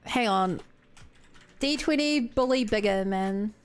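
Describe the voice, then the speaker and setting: A woman's voice: mid-range voice, slow, clean tone. A young woman streaming a game, chatting casually and rambling as she reacts to chat. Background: game music.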